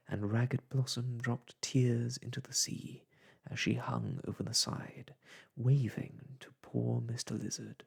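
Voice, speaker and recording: A storyteller softly whispering an old children's book aloud, in a whispered role-play. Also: medium pitch, fairly even intonation, slow pace, gravelly, breathy edge.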